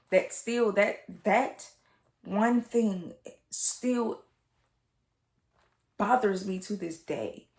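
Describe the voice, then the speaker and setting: A woman's voice: on the low side, a little mellow. Emotional young woman in an echoey room. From United States. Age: 20s. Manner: emotional, candid, lots of fillers and repeats. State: tearful at times. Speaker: vlogger. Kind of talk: personal storytelling to camera.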